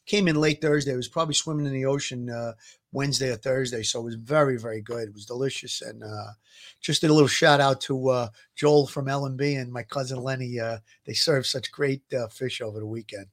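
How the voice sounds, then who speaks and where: A man's voice: medium pitch, steady tone, brisk. A man, co-hosting a casual talk show, rambling with lots of fillers and repeats. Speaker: co-host. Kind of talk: casual chat.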